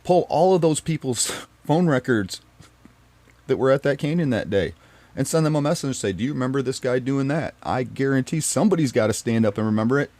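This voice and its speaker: A man's voice: mid-range voice, expressive, fairly quick, darkish tone, no room sound. Emotional man telling his story. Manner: emotional, emphatic, pleading. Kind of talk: personal story to camera.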